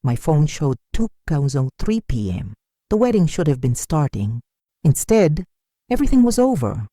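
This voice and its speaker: A woman narrating a first-person story slowly and in a measured, somber way. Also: deep voice, very animated, warm tone, no room sound, studio quality.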